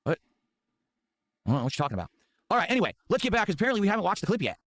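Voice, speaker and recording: A man's voice: sits high, rapid-fire, no room sound. A man hosting a commentary show, reacting to clips in a mocking, rambling way. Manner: mocking, animated, rambling asides. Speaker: commentary channel host.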